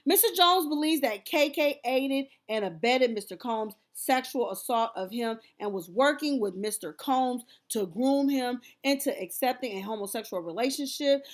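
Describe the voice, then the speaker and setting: High, lively woman reading with commentary. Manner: animated, often breaks off laughing and exclaiming. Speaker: commentary channel host. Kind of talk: reading court documents aloud with commentary.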